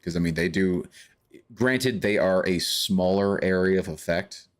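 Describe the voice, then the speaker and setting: A man's voice: deep voice, unhurried. A young man casually talking through game stats while playing with friends. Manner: laid-back, muses aloud over game stats. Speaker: gamer co-player. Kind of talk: casual gaming banter.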